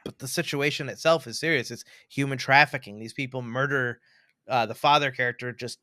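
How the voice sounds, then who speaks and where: A man with a bright, forceful voice talking through a film in casual podcast chat. He gets animated and slips into little impressions of the characters. The sound is dry and close, with no room around it. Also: mid-range voice, no echo. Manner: animated, acts out movie lines in quick impressions. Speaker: podcast co-host.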